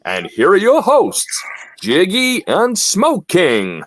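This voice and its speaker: A man's voice: high-pitched, wildly swooping pitch, dry recording, exaggerated voice. A man putting on a fake English accent, playing a brash, mocking bloke in a recorded show drop. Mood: announcing. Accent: put-on English. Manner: slow, swooping, showy delivery.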